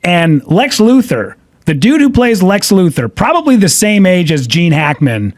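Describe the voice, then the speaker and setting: A man with a high voice co-hosting a podcast news segment, talking easily with lots of fillers. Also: big pitch swings, unhurried. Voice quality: higher voice than other men. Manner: easygoing, many fillers, reads out stories. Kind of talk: casual podcast chat.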